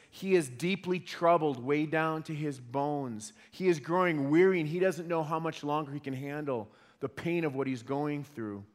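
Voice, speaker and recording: A man preaching a sermon in an earnest way, often repeating words as he starts a phrase. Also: fairly high pitch. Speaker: pastor. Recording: long hall reverb.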